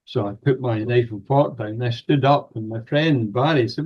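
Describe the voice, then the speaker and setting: A man's voice: medium pitch, moderate pace. A man with a Scottish accent, a paranormal researcher guest telling stories in an interview, hesitant with many fillers. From Scotland. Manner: hesitant, many fillers, acts out quoted voices. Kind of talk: storytelling interview. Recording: dull lo-fi sound.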